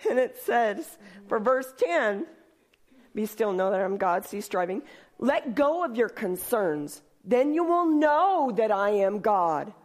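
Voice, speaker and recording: A woman leading worship in church, reading scripture at a slow, deliberate pace in a slightly high voice. She then moves into lively, conversational preaching and laughs often as she talks. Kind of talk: sermon.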